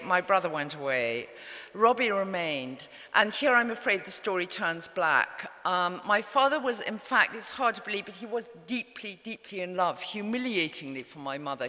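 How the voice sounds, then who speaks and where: A woman's voice: on the low side, bright, forceful tone. A middle-aged English woman, an author, telling a story to a live audience in a wry, understated way. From England. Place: event hall. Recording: reverberant live venue.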